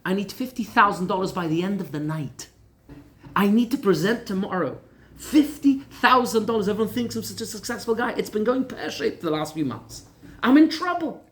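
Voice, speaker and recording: A man's voice: high voice, expressive, moderate pace, fairly bright tone, voice pushed up. A rabbi voicing a desperate, indebted businessman who lashes out in bitter agitation.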